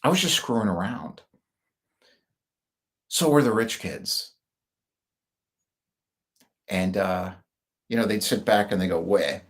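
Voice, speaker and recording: A man's voice: on the low side, lively intonation, takes it slowly, pauses often. A middle-aged man from the United States rambling through personal stories with wry asides, in casual monologue style. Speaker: speaker.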